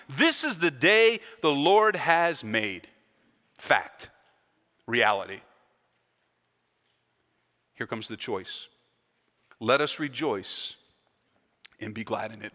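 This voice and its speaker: With a fairly high pitch and a sharp edge, this man delivers a pastor's sermon whose emphasis rises and falls around repeated phrases. The sound carries a long hall reverb.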